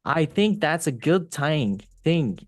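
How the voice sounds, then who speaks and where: A man putting on a high, drawling club-owner voice. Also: very animated, slow pace, dry recording, heavily acted. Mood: upbeat spin. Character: smug American club-owner businessman, male, middle-aged.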